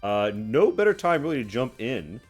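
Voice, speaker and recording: A man narrating a tabletop role-playing game as game master, telling the scene in a halting way with many fillers and restarts. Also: mid-range voice, big pitch swings, faint music behind.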